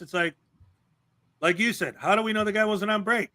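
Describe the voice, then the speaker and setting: A man's voice: sits high, steady tone, fast, bright, forceful tone. A man hosting a casual commentary livestream, ranting sarcastically and rambling into long stories. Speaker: livestream host.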